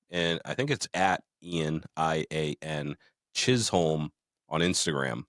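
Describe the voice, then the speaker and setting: A man with a very deep voice and fairly bright tone co-hosts a podcast, speaking slowly in a dry, clean studio recording. The chat is casual: he swears freely, jokes around, and reads listener mail aloud.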